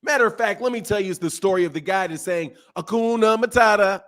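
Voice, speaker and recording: High-voiced man ranting about boxing. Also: quick pace. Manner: animated, repetitive, rhetorical questions. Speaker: boxing commentator. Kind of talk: casual commentary rant.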